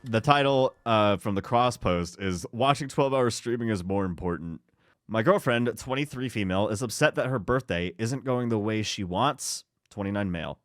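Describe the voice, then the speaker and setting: A man's voice: on the low side, moderate pace, dry recording, clean studio sound. A young man co-hosting a podcast, reading stories aloud between casual chat, swearing and joking at his own slips.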